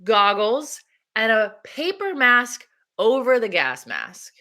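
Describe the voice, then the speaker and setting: A woman doula talking casually in an interview, animated and laughing often as she acts out her own remarks. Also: fairly high pitch, slow. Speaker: doula and activist.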